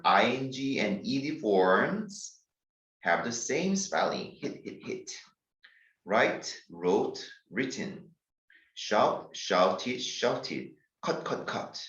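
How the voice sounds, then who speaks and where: A man with a Korean accent teaching English spelling, talking slowly and deliberately and spelling words out letter by letter. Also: medium pitch, big pitch swings. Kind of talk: grammar lecture. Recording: distant, dull, echoey room recording.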